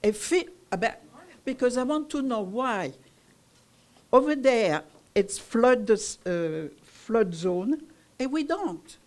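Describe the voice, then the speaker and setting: A woman's voice: fairly high pitch, expressive, slow pace, a little mellow. An older woman from Italy, raised in France, who speaks broken English with a French accent and makes an emphatic complaint as a resident at a community meeting. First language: Italian. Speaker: resident speaking at a public forum. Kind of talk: public comment at a community meeting.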